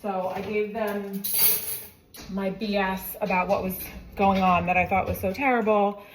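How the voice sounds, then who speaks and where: A woman's voice: medium pitch, steady tone, measured pace, noisy background. A woman in her forties, a mother, telling her own story in a casual, chatty way and often acting out what others said.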